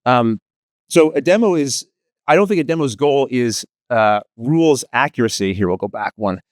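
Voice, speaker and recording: A man with a Maritime Canadian accent giving a lively conference panel talk, joking with the audience and asking them questions. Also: mid-range voice, normal speed, no room sound, studio quality. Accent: East Coast Canadian, Maritimes. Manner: lively, self-deprecating, asks the audience questions. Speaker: panel presenter, tutorial video creator.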